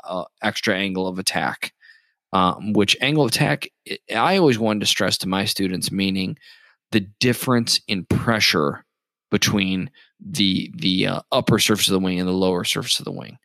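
Low-voiced man explaining aviation. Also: normal speed, a bit bright, no room sound. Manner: rambling, explanatory, many fillers and restarts. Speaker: flight instructor. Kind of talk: casual aviation chat.

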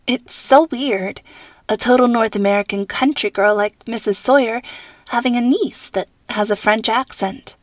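A woman's voice: fairly high pitch, normal speed, no echo, lightly acted. A woman voicing a curious, slightly unsure teenage girl. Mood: wondering.

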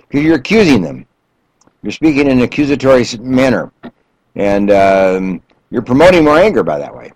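A man's voice: lowish voice, a little mellow, slightly rough, low-quality recording. A male therapist giving an emphatic self-help talk, counting off numbered steps and repeating key phrases.

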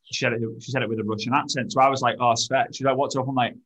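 A male podcast host with an even, mid-range voice, talking in a relaxed, eager way. He jumps back into his sentences often and keeps the chat moving with his guest. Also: medium pitch, racing, breathy edge, poor audio. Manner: enthusiastic, restarts sentences often. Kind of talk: casual interview chat.

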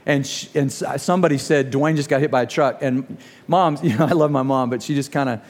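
A middle-aged man preaching a sermon, telling a story and slowing down for emphasis. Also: medium pitch, in a large hall. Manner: storytelling with acted quotes, slows for emphasis. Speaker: pastor.

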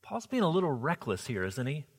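A man's voice: on the high side, sing-song, a little fast, husky. A man preaching a sermon as pastor, earnest, often asking the congregation rhetorical questions. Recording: long hall reverb.

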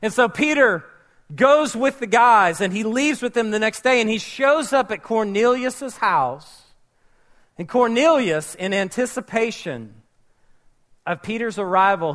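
A man's voice: high voice, fairly bright tone. A man preaching a sermon, telling a Bible story and acting out its characters' voices. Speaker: pastor.

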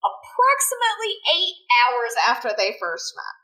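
A woman co-hosting a podcast, telling a history story in a casual, profane, jokey way with sudden high exclamations. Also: huge pitch swings, normal speed, pushed and bright, rough recording. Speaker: podcast co-host.

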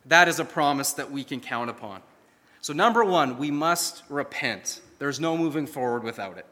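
A man's voice: mid-range voice, expressive, moderate pace, bright, forceful tone, big-room sound. A man preaching a sermon, earnest and emphatic, who tells stories with vivid energy. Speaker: pastor.

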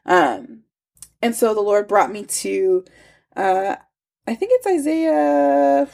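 Gravelly woman giving a chatty devotional teaching. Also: mid-range voice, lively intonation, slow, darkish tone. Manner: chatty, emphatic, many asides. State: congested stuffy nose. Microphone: phone.

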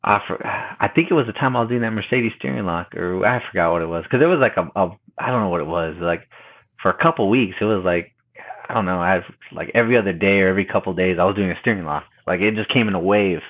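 A man's voice: low-pitched, quick pace. A man co-hosting a casual chat among auto technicians, telling stories in a rambling way with lots of fillers and swearing. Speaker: automotive technician podcast co-host. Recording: tinny phone-like line.

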